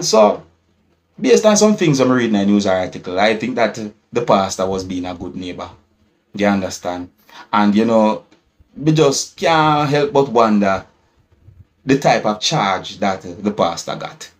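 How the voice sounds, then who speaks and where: A man's voice: lowish voice, sing-song, a little slow. A man with a Jamaican accent, a vlogger retelling a news article, often asking viewers whether they see his point. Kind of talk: news commentary vlog.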